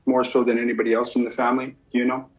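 A man's voice: mid-range voice, completely flat delivery, very fast, husky, faint music behind, poor audio. A man working as a medium and giving a spirit reading. He asks a string of short yes-or-no questions and answers each reply with "okay, perfect.".

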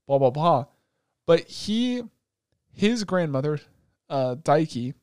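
A man co-hosting a casual podcast, retelling an anime with animated swearing and laughter. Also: medium pitch, no echo, studio quality. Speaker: podcast co-host.

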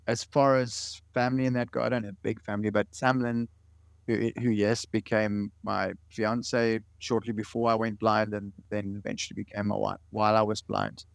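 Earnest man in his late 40s, low voice. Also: flat delivery, normal speed, vocal fry, no room sound, clean studio sound. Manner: earnest storytelling with many repeated words. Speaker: guest. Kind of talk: interview conversation.

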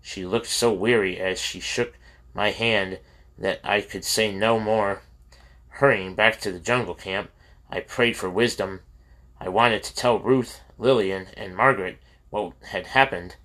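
A man reads a memoir aloud in a steady, plain storytelling manner. His voice is low and carries a bright, forceful tone. Small slips and restarts turn up now and then as he reads. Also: unhurried. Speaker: reader of a memoir.

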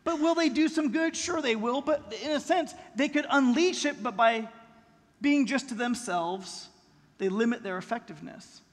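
A man's voice: very high voice, moderate pace. A middle-aged man preaching a sermon as pastor, in a conversational style that leans on rhetorical questions. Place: church sanctuary. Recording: long reverb in a large hall.

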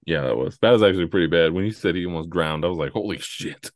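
A man co-hosting a casual podcast, chuckling and trading teasing banter. His voice sits somewhat low, recorded close and dry. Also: racing, no room sound.

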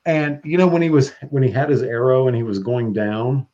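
A man talking as a podcast guest in casual chat, excitable and profane, breaking into loud bursts when quoting. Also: medium pitch, brisk. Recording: dull lo-fi sound.

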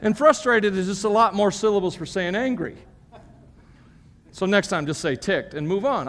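Animated preacher with a high-pitched voice in a reverberant hall. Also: male voice, moderate pace. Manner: animated, rising to emphatic peaks, joking asides. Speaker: pastor. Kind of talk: sermon. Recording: long reverb of a large hall.

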